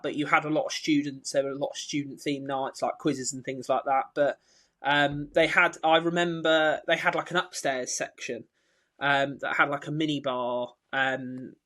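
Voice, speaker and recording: A man's voice: a little high, bright, forceful tone. A young man, co-hosting a casual podcast chat and telling stories in which he acts out the people he quotes. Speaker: podcast co-host.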